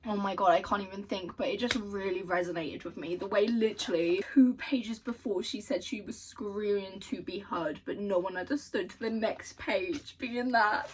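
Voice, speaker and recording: A woman's voice: mid-range voice, normal speed, few pauses, distant mic, slight background noise, poor audio. Gushing young woman reading book quotes aloud. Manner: gushing, swears, reads passages aloud. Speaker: book vlogger. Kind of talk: casual chat and reading aloud.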